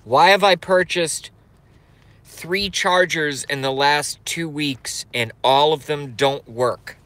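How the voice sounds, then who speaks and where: Profane ranting man, bright voice. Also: fairly high pitch, slow pace. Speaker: host. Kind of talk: live rant. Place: in his car.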